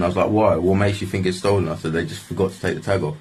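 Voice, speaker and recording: A man's voice: sits low, fairly even intonation, racing, darkish tone, slight background noise. A young man, telling a story in a casual, rambling way, full of swearing and "like". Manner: rambling, swears often, restarts lines with "like". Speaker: vlogger.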